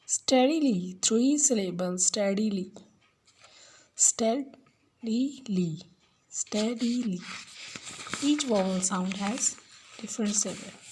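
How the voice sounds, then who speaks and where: A woman English teacher giving a recorded lesson, speaking slowly and deliberately and repeating each word for her pupils. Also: medium pitch, darkish tone, slightly rough.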